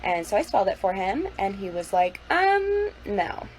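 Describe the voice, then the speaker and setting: A woman who used to work a hotel front desk, telling a story in a wry, animated way. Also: mid-range voice, fairly quick, slight background noise. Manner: animated, wry, acts out both sides. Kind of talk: casual storytelling to camera.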